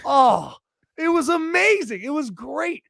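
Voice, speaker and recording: Podcast co-host, male, high and gravelly voice, profane needling banter, dry close mic. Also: very animated, measured pace, a bit bright, no room sound. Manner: teasing, profane, mock-scolding.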